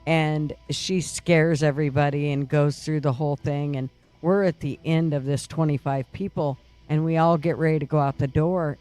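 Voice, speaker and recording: A man on a live talk show, telling a story in an animated, laughing way. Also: on the high side. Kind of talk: casual storytelling.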